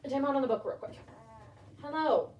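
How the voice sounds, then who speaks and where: A woman's voice: high voice, normal speed, darkish tone, dull audio. A woman reading a storybook aloud to a baby rabbit at home, with chatty asides to her pet. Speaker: rabbit-keeping homesteader and channel host. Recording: echoey room, distant mic, faint background noise.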